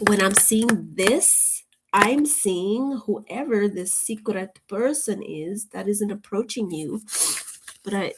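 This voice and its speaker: A woman giving a casual tarot reading to camera, rambling off into tangents and laughing often between remarks. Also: medium pitch. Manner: chatty, drifts into tangents. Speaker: tarot reader.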